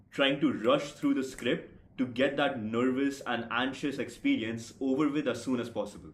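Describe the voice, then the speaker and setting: A man's voice: mid-range voice, reverberant. A young man giving blunt, profane speaking advice straight to camera, calling the viewer bro and swearing freely. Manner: brash, profane, says bro a lot. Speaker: speaking coach vlogger.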